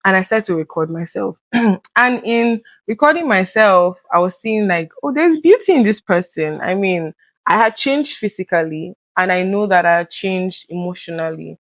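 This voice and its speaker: An earnest woman shares her own experience in a candid conversation, at a middle pitch for a woman. Her voice sits close and dry, with no room sound around it. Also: normal speed, no room sound. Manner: earnest, reenacts conversations with lively quoted voices. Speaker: guest.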